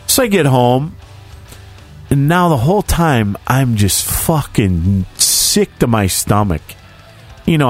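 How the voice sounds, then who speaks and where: A man telling a story in casual chat, animated and swearing freely, acting out what others said. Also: on the low side. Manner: animated, acts out quoted voices, swears freely.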